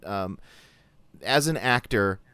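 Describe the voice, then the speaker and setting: A man's voice: on the low side, animated, takes it slowly, bright, forceful tone, clean tone, no room sound. A man who works as a voice actor, talking bluntly in a podcast discussion, swearing and restarting his sentences. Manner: blunt, profane, rambling with restarts.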